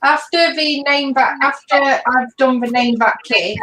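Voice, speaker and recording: Brief: woman co-host, a bit higher pitch, teasing asides, echoey room with faint noise behind. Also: unhurried, bright, forceful tone. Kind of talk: casual livestream chat.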